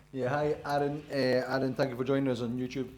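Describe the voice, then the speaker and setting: A man's voice: medium pitch, flat delivery, normal speed. A Scottish man co-hosting a game stream, easygoing and laughing often while greeting viewers in a small studio. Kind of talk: casual let's-play chat. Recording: loud background noise hiss.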